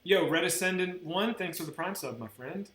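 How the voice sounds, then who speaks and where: A man's voice: high voice, animated, normal speed, fairly bright tone. Rambling, profane man in a roomy space. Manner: rambling and profane, with many restarts. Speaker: game streamer. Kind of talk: casual live-stream chat while gaming. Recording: roomy sound with faint background noise.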